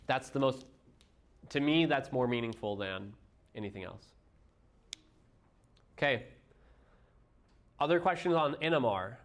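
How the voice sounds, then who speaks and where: This male chemistry teacher, speaking with a Midwestern American accent, takes his class through a review step by step, drawing on everyday analogies and quizzing students. His medium-pitched voice has lively intonation, moves a little slowly, and pauses often.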